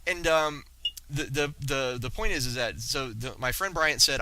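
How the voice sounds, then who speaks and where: A man in his forties, a podcast guest, telling stories in a lively way with many stammers and restarts. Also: medium pitch, normal speed, low-quality recording. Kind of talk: casual storytelling.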